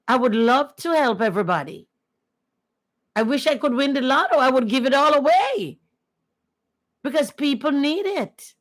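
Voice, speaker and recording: A woman's voice: high-pitched, lively intonation, moderate pace, long pauses. Woman hosting a casual livestream, chatty and earnest, says things twice. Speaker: livestream host.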